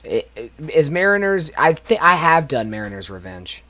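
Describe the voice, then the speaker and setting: This young man's smoker's voice sounds a little high and sharp as he chats, very animated and at a normal pace, on his karaoke livestream. Between songs he rambles to his viewers and swears frequently.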